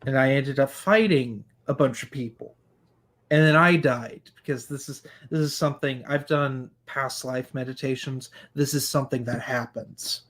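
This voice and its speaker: A man's voice: medium pitch, fairly even intonation, normal speed, a bit bright. A man hosting a casual podcast chat, talking in an earnest, reflective way. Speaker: podcast host.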